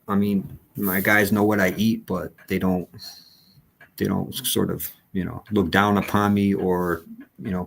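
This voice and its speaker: A man who runs work crews, chatting on a live stream in a halting way full of fillers and restarts. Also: low voice, creaky. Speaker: guest, crew boss. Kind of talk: casual live-stream chat.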